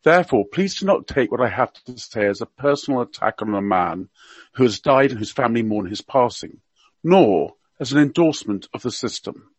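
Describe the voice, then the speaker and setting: A man's voice: mid-range voice, expressive, brisk, husky, no room sound. Wry man with a light RP accent. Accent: slight received pronunciation. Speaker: guest commentator. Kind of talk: scripted humorous radio piece. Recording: dull, dry lo-fi sound.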